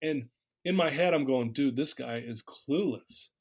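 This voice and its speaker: A man's voice: medium pitch, measured pace, darkish tone. A man guest in an interview, candidly telling a personal story and acting out the dialogue he recalls. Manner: candid, acts out quoted dialogue.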